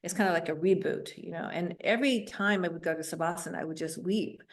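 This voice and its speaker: Middle-aged woman guest, low-pitched, earnest storyteller, reflective interview talk. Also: quick pace. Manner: earnest, with soft laughs and fillers.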